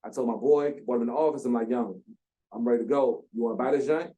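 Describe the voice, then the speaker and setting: A man in his thirties, speaking as a founder at a workshop, telling his story in an animated way and acting out quotes with slang. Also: medium pitch, quick pace. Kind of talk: storytelling talk. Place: lecture room.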